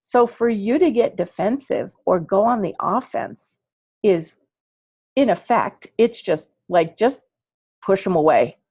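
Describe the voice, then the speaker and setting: A woman coaching parents in an online class, chatty and animated, acting out little dialogues as she explains. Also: medium pitch, a little slow, slightly rough, dry recording. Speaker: ADHD coach teaching parents.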